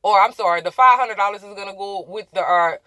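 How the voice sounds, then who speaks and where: A woman's voice: medium pitch, fast, pushed and bright, no echo. A young woman truck driver chatting casually to her viewers from inside her truck cab, rambling, laughing at herself and apologizing for going off track. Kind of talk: casual chatty explainer vlog.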